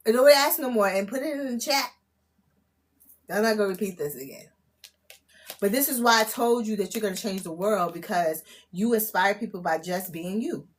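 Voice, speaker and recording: A woman giving a live-streamed spiritual reading, excitable and casual, swearing, laughing at herself and often checking in with "okay?". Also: mid-range voice, normal speed. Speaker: spiritual tarot reader. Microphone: phone or camera mic on a live stream.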